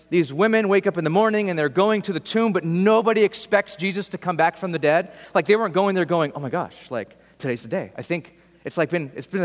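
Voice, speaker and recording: High-voiced pastor in a reverberant church. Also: male voice. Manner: casual, conversational preaching with humorous asides. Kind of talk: sermon.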